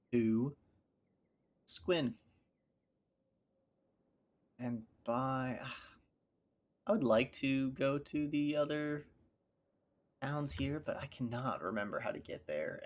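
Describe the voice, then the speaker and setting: A man streaming a game live, casually thinking aloud and reading viewer messages back as he plays. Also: mid-range voice. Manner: rambling, thinks aloud and reads chat questions back. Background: loud game soundtrack music.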